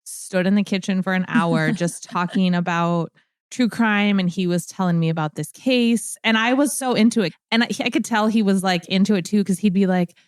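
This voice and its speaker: Give me a woman co-host in casual chat, with a middle pitch and dry audio. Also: normal speed, few pauses, clear, resonant tone, no echo. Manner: chatty storyteller, animated retelling. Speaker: podcast co-host.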